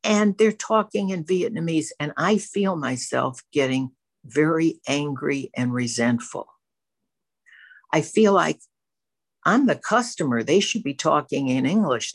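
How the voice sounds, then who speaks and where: A woman's voice: low voice, expressive, measured pace, husky, no echo. A woman telling her personal recovery story in a candid, self-reflective way, as a member of a twelve-step program speaking to a camera. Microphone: facing a camera.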